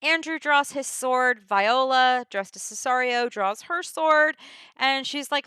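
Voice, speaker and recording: A woman's voice: a little high, moderate pace, pushed and bright, clear, resonant tone, no echo. A woman casually retelling a play scene by scene, paraphrasing in everyday words with lots of "like" and "you know". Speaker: teacher summarizing a play.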